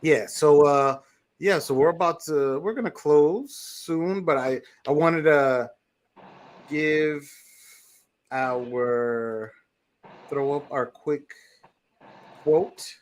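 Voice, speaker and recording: A man's voice: a little high, extremely slow, long pauses, a little hiss or hum. Guy cohosting a podcast, easygoing and jokey, just shooting the breeze. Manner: laid-back, joking, reads a closing quote. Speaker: podcast co-host. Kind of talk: casual chat.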